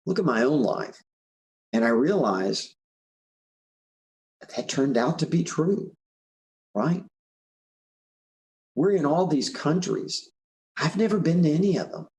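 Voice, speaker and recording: Lively man giving a talk. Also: a little high, takes it slowly, long pauses. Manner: animated storyteller, asks "right?" often. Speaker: speaker and author. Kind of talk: recorded motivational talk.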